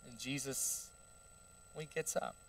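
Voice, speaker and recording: A man preaching a sermon in an easy, conversational way, asking the congregation questions as he goes. His voice is mid-pitched and picked up by a mic some distance away in a church. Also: unhurried, gravelly, a little hiss or hum. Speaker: pastor. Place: church sanctuary.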